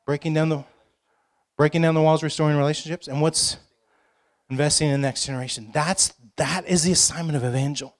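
A man preaching with a fairly high, light voice. He talks to his congregation casually and throws in joking asides. He drives his points home by repeating short phrases. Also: fairly even intonation, a little fast. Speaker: pastor. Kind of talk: sermon.

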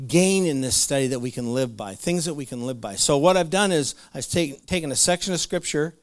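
A man's voice: a little high, expressive, a little fast, dry recording, clean studio sound. A man preaching a conversational sermon, retelling Bible stories with playful asides and laughs. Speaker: pastor.

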